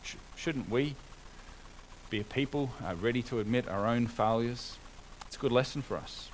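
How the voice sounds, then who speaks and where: A man's voice: mid-range voice, moderate pace, slight background noise, poor audio. Earnest male preacher delivering a sermon. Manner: earnest, rising to emphatic exhortation with rhetorical questions.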